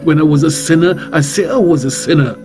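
A man's voice: fairly high pitch, fast talker, over music. Bold Trinidadian preacher man on radio. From Trinidad and Tobago. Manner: bold, emphatic, repeats phrases, many rhetorical questions. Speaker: reverend and radio talk host.

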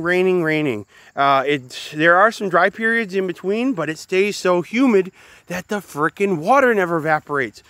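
A man's voice: fairly high pitch, fairly bright tone, no echo. A man giving a casual, chatty walk-through of his garden outdoors, often calling the viewers guys. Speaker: gardening vlogger.

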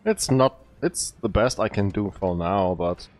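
A man hosting a let's play, giving relaxed commentary with mumbled asides. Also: on the low side, unhurried. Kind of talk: casual gameplay commentary.

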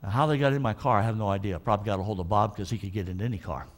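A male pastor preaching a sermon in a church, emphatic and calling for responses from the congregation, slowing right down to stress scripture. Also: on the low side.

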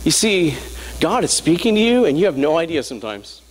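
A man with a notably high voice preaches a sermon, leaning on rhetorical questions and call-and-response with his listeners. His voice rings out with a long reverb tail, as in a large church sanctuary. The delivery is emphatic and story-driven. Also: sing-song, brisk, slight background noise.

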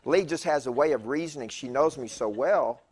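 A man's voice: medium pitch, normal speed, a little mellow, slightly rough. A man in his fifties giving a conversational sermon as a guest preacher in a church, chatty and digressive, with stammered restarts. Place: church sanctuary.

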